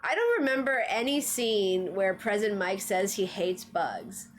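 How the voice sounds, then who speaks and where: A woman's voice: fairly high pitch, fairly bright tone. A woman streamer chatting casually on a livestream, full of fillers and frequent laughs. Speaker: streamer reviewing anime trivia.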